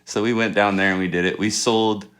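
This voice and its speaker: A man's voice: on the low side, fairly even intonation, brisk, fairly bright tone. A man in his thirties, a rapper and producer, telling rambling stories in a casual interview and chuckling often. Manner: laid-back, chuckles often, rambling anecdotes.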